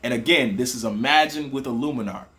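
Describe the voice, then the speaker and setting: A young man with a Southern accent, hosting a lively hip hop writing lesson and talking straight to his students. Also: mid-range voice, fairly quick. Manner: animated, rhythmic, addresses viewers directly. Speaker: teacher, host of the show.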